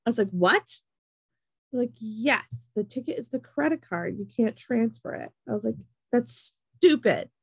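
A young woman tells a story in a loose, animated way, peppering it with "like". Her voice sits a bit high and has a husky edge. The sound is dry and close. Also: a little slow, no echo, poor audio. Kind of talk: casual chat.

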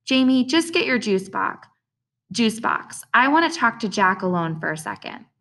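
A woman's voice: on the high side, big pitch swings, moderate pace, creaky, fairly bright tone, voice pushed up, heavily acted. A woman voicing a firm, earnest mother scolding her sons in a storybook reading. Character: firm, caring mother of two boys.

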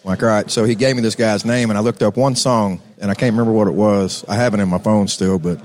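A man's voice: on the low side, steady tone, quick pace, a little mellow. A man with a Texan accent, telling rambling stories as a musician guest on a casual chat show. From Texas. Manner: laid-back, rambling, laughs often.

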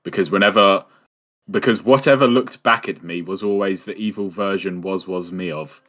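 A man's voice: low-pitched, moderate pace, a bit bright. A man co-hosting a casual podcast, reading short horror stories aloud in a laid-back, hesitant way. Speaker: podcast co-host.

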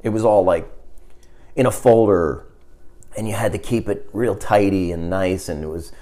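A man's voice: deep voice, normal speed, warm tone. A middle-aged man telling a school story in casual chat, rambling with restarts and dropping to a mutter in quoted lines.

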